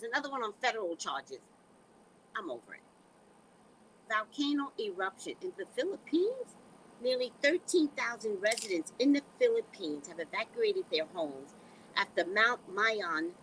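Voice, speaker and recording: A middle-aged woman with a New York accent, hosting a casual talk show with animated, comic storytelling. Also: mid-range voice, a little hiss or hum, poor audio. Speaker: show host.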